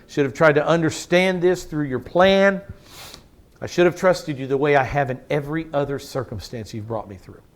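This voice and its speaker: A man preaching a sermon as a pastor, slowing down to stress key phrases and asking rhetorical questions. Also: a little high. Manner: preaching with slow drawn-out emphasis and rhetorical questions.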